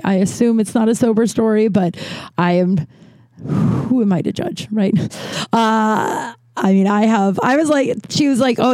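A woman's voice: medium pitch, dark tone, dry recording. A young woman hosting a podcast, telling a story in a chatty, filler-heavy way and swearing freely. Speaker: podcast host. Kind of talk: casual storytelling monologue.

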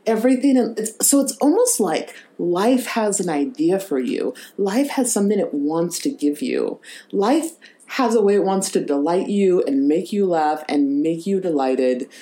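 A woman's voice: fairly low pitch, animated, moderate pace, warm tone. A woman co-hosting a casual chat, telling a funny story with laughter and then drawing a spiritual lesson from it. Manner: laughing storyteller turning reflective. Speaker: podcast co-host.

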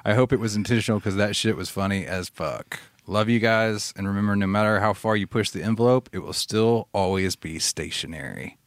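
A man's voice: lowish voice, brisk, few pauses, no echo, clean studio sound. A man with a Southern US accent co-hosting a podcast, reading an email aloud in easygoing, chuckling chat. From southern United States. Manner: easygoing, chuckling, swears casually. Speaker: podcast co-host.

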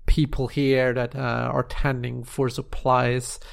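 A man narrating a tabletop game scene as game master, halting and searching for words with many restarts. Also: mid-range voice, little pitch movement, gravelly.

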